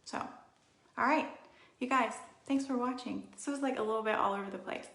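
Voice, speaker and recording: A woman's voice: fairly high pitch, brisk, a bit bright. Chatty woman, echoey home livestream. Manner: rambling and chatty, reading out viewer comments. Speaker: beauty livestream host. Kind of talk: casual live makeup tutorial chat. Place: room in her home, indoors. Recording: roomy echo of a home room.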